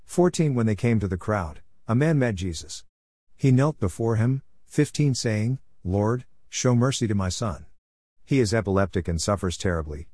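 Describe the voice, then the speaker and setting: A man reading scripture aloud in a measured way, announcing each verse number. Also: lowish voice, darkish tone, dry recording, clean studio sound. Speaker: Bible reader.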